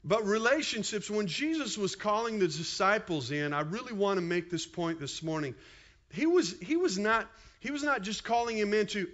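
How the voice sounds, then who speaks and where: Pastor, male, 50s, high voice, chatty sermon delivery, slightly dull recording. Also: moderate pace. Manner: animated, conversational preaching with asides.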